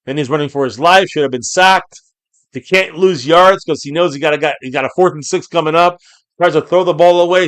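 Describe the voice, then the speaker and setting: An excitable man hosting a fan reaction stream in a slightly high voice. He calls the action and reads out viewer names, then bursts into shouting on big plays. The sound is dry and close. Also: dry recording. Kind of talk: live game reaction and chat reading.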